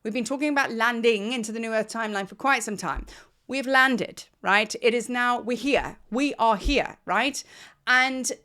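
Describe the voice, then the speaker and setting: A woman's voice: fairly high pitch, normal speed, pushed and bright. A middle-aged woman, a spiritual teacher talking casually and enthusiastically at her desk at home, repeating words for emphasis. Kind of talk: casual spiritual vlog talk.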